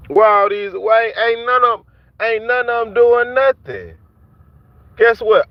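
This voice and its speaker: High-pitched man ranting angrily. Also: no room sound. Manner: heated, repetitive, taunting. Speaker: vlogger ranting at rappers. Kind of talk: angry street-talk rant to camera. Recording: dull dry lo-fi sound.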